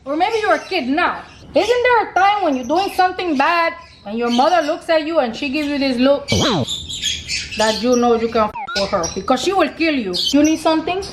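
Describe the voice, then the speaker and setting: A woman with a high voice hosts a cooking video from her kitchen. She talks loudly and playfully, rambling from one sassy joke to the next. There is plenty of noise from the home kitchen around her. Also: animated, moderate pace. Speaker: cooking vlog host. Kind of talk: casual kitchen chat. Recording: noisy home kitchen recording.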